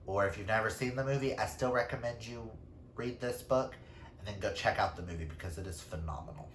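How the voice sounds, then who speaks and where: A man's voice: on the low side, fairly quick, a bit bright, a little hiss or hum. A man chatting casually through a book wrap-up, self-deprecating, with playful asides. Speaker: book reviewer. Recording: roomy echo.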